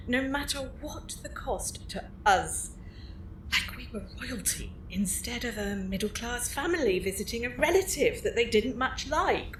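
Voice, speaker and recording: A woman's voice: fairly high pitch, a bit bright, slight background noise. A woman playing an earnest library supervisor who speaks in a formal, old-fashioned way, recorded in an echoey room.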